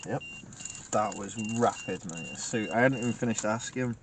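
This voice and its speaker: Ghost hunter, lowish voice, joking and chatty, noisy camera-mic recording. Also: male voice, normal speed. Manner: jokey, laughs often, asks the spirits direct questions. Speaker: paranormal investigator. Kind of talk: casual investigation chatter. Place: inside a car at night.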